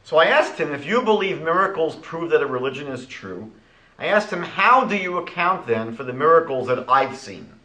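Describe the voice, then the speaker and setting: A man giving a lecture as a rabbi, animated and rhetorical, retelling conversations. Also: a little high, normal speed, echoey room, poor audio.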